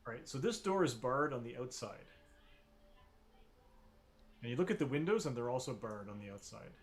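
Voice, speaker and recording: A man running a tabletop game as game master, in a relaxed, rambling way with many fillers. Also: mid-range voice, normal speed.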